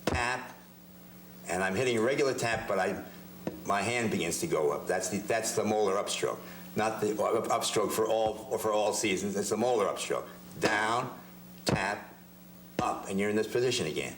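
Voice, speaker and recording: A man's voice: lowish voice, normal speed, a bit bright, reverberant, slight background noise. A man giving a hands-on drum lesson, explaining technique step by step and often repeating words as he demonstrates. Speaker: drum teacher. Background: drum hits between phrases.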